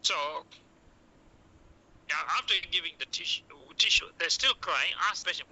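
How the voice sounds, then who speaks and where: A man lecturing in short, repetitive coaching phrases, with "okay" after nearly every point. His voice sits a little high for a man and sounds very bright and sharp. He acts out the doctor's lines as he teaches. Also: fairly quick, low-quality recording. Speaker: medical communication teacher. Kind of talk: classroom lecture.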